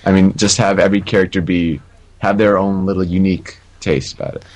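A man's voice: sits low, flat delivery, a little fast, a little mellow. A man co-hosting a podcast, chatting in an easygoing way with dry asides. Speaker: podcast co-host. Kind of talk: casual gaming chat.

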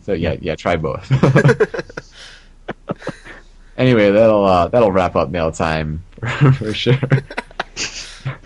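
A man's voice: low voice, big pitch swings, slow pace, long pauses, darkish tone, a little hiss or hum. A man hosting a podcast casually, chuckling often as he steers the talk. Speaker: podcast host. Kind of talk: casual chat.

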